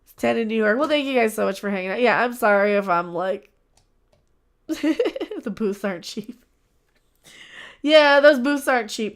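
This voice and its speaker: A young woman chatting on her livestream in a slightly high voice. She rambles from thought to thought, trailing off and circling back. The delivery stays loose and conversational. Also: a bit bright, clear, resonant tone. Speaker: livestream host. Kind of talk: casual livestream chat.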